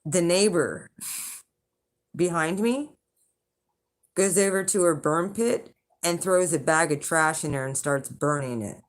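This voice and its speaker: Speaking at a measured pace with frequent pauses, a woman with a lowish voice rambles through a casual story for her viewers. She's a channel host and intuitive reader, chatty and laughing, with plenty of swearing.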